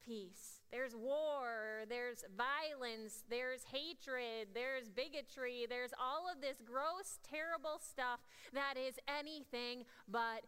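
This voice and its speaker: Bright-voiced woman pastor preaching in reverb. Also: sits high, slow pace, hardly any pauses, clean tone. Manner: earnest, swings between hushed and emphatic. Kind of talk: sermon. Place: church sanctuary. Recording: long reverb of a church hall.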